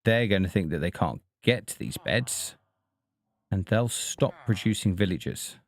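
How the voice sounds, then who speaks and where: Slow, easygoing man chatting while gaming. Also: low-pitched, big pitch swings. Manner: chatty, talks to himself and the villagers. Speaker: streamer. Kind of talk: casual gameplay commentary.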